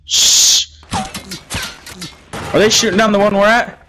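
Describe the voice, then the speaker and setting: A man's voice: sits high, little pitch movement, a little slow, noisy background. A young man playing a shooter game, giving urgent, bossy callouts and shushing his teammates. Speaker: gamer. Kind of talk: live gameplay callouts.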